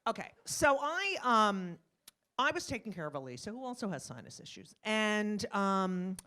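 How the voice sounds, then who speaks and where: A woman's voice: mid-range voice, normal speed. A middle-aged woman doing a stand-up comedy set in a club, brash and profane, acting out little scenes with voices. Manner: brash, animated, acts out voices, swears freely.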